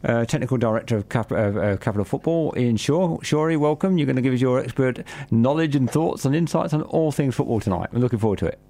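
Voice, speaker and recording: A man's voice: mid-range voice, lively intonation, fast, few pauses, dark tone. A man hosting a community radio football show, chatty and full of ums and restarts. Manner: chatty, with many fillers and restarts. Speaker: radio host. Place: radio studio.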